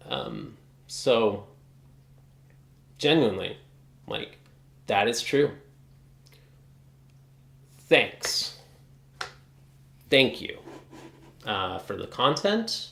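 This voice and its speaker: A man's voice: fairly low pitch, big pitch swings, slow pace, creaky, pauses often, a bit bright, reverberant. A man ranting casually in a vlog, exasperated and swearing often. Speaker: guitar hobbyist vlogger.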